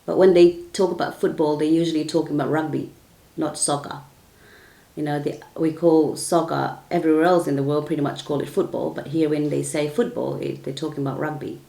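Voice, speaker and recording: A middle-aged woman with a low-set voice walks through everyday slang and explains each word simply. She repeats every meaning with a worked example. The sound carries the echo of an untreated room. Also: fairly even intonation, fairly quick, gravelly, dark tone. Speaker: slang teacher. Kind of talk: casual explainer video. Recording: echoey room.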